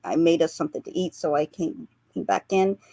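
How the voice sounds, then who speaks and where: Low-voiced woman telling a story. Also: sing-song, a little fast, dark tone, dry recording. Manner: earnest storytelling, laughs through lighter memories. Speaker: guest, psychic portrait artist. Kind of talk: recounting past-life memories in a radio interview.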